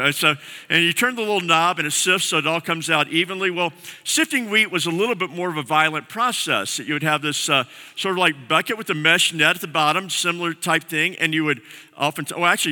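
Bright-voiced male pastor in a reverberant hall. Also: a little high. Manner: conversational teaching with vivid explanations. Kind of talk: sermon.

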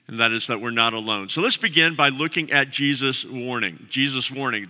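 Bright-voiced male pastor in a reverberant hall. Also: medium pitch. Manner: conversational teaching with vivid explanations. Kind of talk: sermon.

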